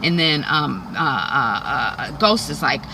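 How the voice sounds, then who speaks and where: A woman's voice: very deep voice, animated, slow, vocal fry, noisy background. A woman giving a casual, chatty TV episode recap, with many fillers and put-on voices when she quotes characters. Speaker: TV recap vlogger.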